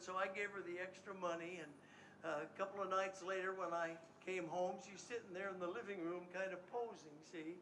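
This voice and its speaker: A man's voice: high-pitched, fairly even intonation, fairly quick, pushed and bright, slight background noise. A man telling folksy jokes on a live stage in an impression of a classic comedian, with many restarts and stammers. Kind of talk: live stand-up storytelling.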